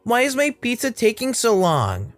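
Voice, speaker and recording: A shrill, scornful entitled woman who snaps and sneers, pitched well above a normal speaking voice, as a male storyteller puts her on. Her lines swing between high and higher as she berates, with a dry, close sound and faint music underneath. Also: huge pitch swings, normal speed, no room sound, exaggerated voice. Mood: impatient. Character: rude entitled middle-aged woman customer.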